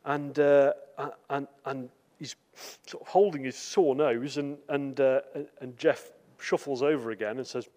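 A man's voice: mid-range voice, moderate pace, darkish tone. A man preaching a sermon, telling a story with acted quotes and many repeated words. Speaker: visiting preacher.

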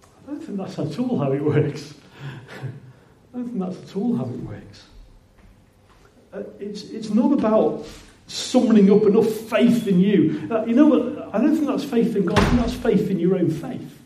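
A man's voice: high voice, sing-song, normal speed, dark tone. A man preaching a sermon in a conversational way, often repeating words and restarting phrases. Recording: roomy echoing hall.

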